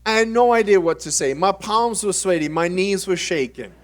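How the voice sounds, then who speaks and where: A man with a notably high voice is giving a motivational keynote at a conference. He tells his story in an animated way and acts out the dialogue as he goes. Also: moderate pace, distant mic, slight background noise. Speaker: motivational speaker. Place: conference stage.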